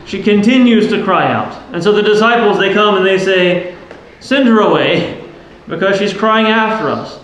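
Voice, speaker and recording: Speaking at a moderate pace with few pauses, a priest preaches in a high-pitched, fairly bright voice. The church recording is very echoey with faint noise. He is earnest and explanatory throughout, often putting questions to his listeners.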